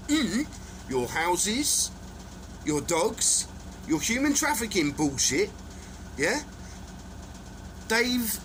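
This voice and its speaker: A man's voice: high-pitched, a bit bright, slight background noise, poor audio. A man in a rambling monologue, ranting angrily and swearing as he accuses people. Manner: angry, profane, accusatory ranting.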